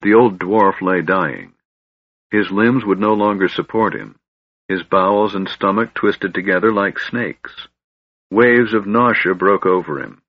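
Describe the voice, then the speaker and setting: A man narrates a fantasy audiobook in a slow, measured and solemn way, with a low, husky voice. The recording is dry and close, a little dull in the highs. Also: no room sound.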